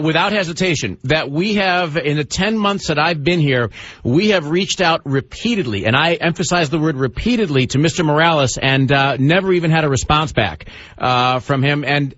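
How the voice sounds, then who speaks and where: A man's voice: a little high, fairly bright tone. A man hosting a radio talk show, pressing his guest with long, emphatic, multi-part questions over dull lo-fi broadcast audio. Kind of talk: pointed radio interview questioning.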